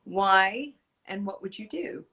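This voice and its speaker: A woman's voice: medium pitch, slow pace, slight background noise. A woman hosting a casual chat, asking questions and laughing often. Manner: warm laughing interviewer. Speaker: host.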